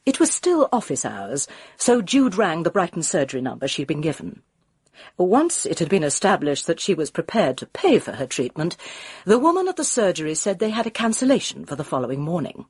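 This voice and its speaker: A woman's voice: on the low side, sing-song, normal speed, darkish tone, breathy edge, dry recording, studio quality. A woman reading a mystery novel aloud as narrator. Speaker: audiobook reader. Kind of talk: scripted narration.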